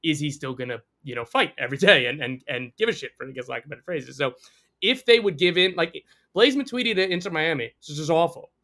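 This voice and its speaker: A man's voice: on the high side, animated, quick pace, pushed and bright. A man talking as a sports journalist guest in a casual podcast interview, candid and profane, laughing often.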